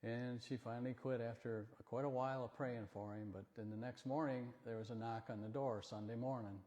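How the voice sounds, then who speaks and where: A man visiting a church as a speaker for a Bible ministry, telling folksy stories in a rambling, gently joking way. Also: medium pitch, fairly even intonation, a little fast. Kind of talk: folksy storytelling talk in church. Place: church sanctuary. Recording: long church hall reverb.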